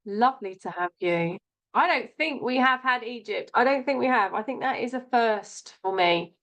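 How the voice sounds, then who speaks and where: A woman hosting a live psychic stream, chatting warmly and greeting viewers by name, often calling them "my lovely". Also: on the high side, lively intonation, normal speed. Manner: warm, chatty, reads out viewer names with endearments. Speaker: psychic show host.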